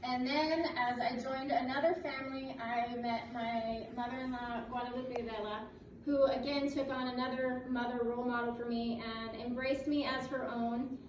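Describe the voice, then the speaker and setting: A woman's voice: on the high side, fairly even intonation, moderate pace, highs cut off. A woman in her late thirties, a military officer giving a candid, joking speech at her promotion ceremony and laughing often. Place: indoor room at a ceremony. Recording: echoey room, distant mic, noisy background.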